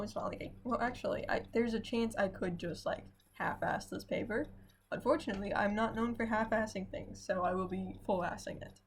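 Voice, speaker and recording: A tired young woman vlogging casually at home, rambling and self-deprecating with dry sarcastic asides. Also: medium pitch. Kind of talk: casual unedited vlog chat. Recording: faint background noise and clock ticking.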